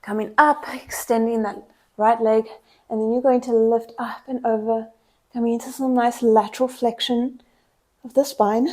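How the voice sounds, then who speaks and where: Fairly high-voiced woman cueing pilates. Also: flat delivery, warm tone. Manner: brisk short exercise cues, counting down. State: out of breath. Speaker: pilates instructor. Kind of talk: cueing a workout class.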